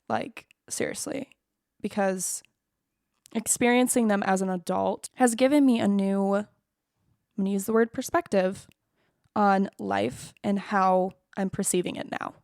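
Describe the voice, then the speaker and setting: Young woman in her twenties, candid vlog monologue, blunt and self-deprecating, curses often, mid-pitched voice, dry close sound. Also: vocal fry, darkish tone, dry recording. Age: 20s. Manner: frank, swears freely, self-deprecating. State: choked up at times. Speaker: vlogger.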